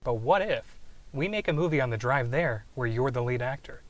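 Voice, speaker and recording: A man's voice: mid-range voice, expressive, fairly quick, lightly acted. A man playing an eager young guy who pushes his friend to shoot a movie on their drive. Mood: persuasive. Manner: persuasive, upbeat. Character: eager young man pitching a road-trip film.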